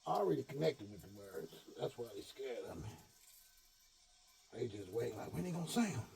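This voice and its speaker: A man giving a preachy monologue to his followers, animated and full of slang, swinging from shouts to low mutters. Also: moderate pace, creaky, a crowd in the background. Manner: streetwise slang with cursing. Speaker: online speaker addressing followers.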